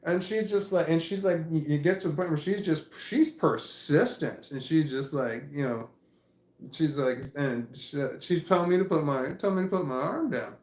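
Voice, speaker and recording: A man vlogger casually telling a story to camera, animated and profane, often repeating himself as he recounts it. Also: a little high, normal speed. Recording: roomy echo.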